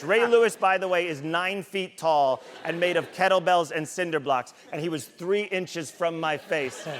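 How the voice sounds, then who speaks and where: A man delivering a stand-up monologue as a comedian host, animated and incredulous as he acts out the story. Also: a little high.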